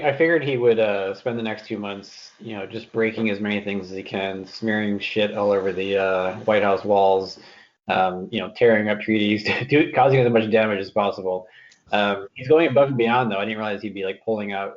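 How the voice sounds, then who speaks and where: A man's voice: on the low side, fairly even intonation, fairly quick, dull audio. A man guesting on a casual podcast, talking with a dry, wry humor and easy laughter.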